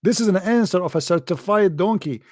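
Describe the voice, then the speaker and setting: Scornful man with higher voice, dry sound. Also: a little fast, a little mellow, no echo. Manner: scornful, emphatic, repeats phrases, laughs often; non-native English phrasing. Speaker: online religious debater. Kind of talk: mocking commentary monologue.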